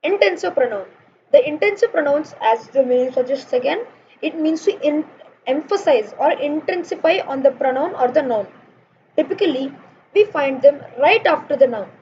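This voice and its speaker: A woman's voice: high-pitched, expressive, normal speed, a little mellow. A young woman teaching an online grammar lesson, explaining step by step with examples and often calling her viewers "guys". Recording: dull lo-fi sound with faint noise.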